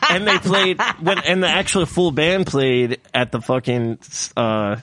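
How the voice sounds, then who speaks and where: A man's voice: on the high side, unhurried, bright, forceful tone, no echo, studio quality. A man co-hosting a podcast in casual chat, laid-back and enthusiastic. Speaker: podcast host.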